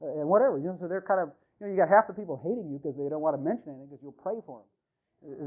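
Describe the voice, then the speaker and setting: A man who is a pastor, preaching an animated sermon to his congregation and calling out to them. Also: high voice, very fast. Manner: animated, talks to the congregation, many fillers. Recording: tinny phone-like radio sound.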